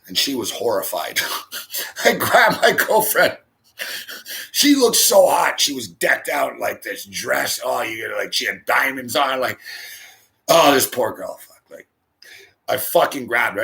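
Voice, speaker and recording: Canadian guy swearing nonstop telling a wild story, bright punchy voice, laughs a lot. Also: mid-range voice, measured pace. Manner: animated, swears constantly, laughs mid-story. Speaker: host. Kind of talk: profane storytelling rant.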